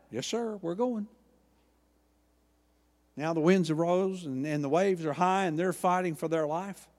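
A man preaching a sermon, acting out Bible dialogue with lively emphasis. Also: high voice, measured pace, pauses often, long reverb tail. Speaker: pastor.

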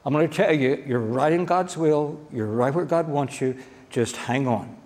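A male pastor delivers a folksy, direct sermon, often calling out to his congregation. His voice sits a little high for a man. It carries a long reverb from the church hall. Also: moderate pace, a little mellow. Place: church sanctuary.

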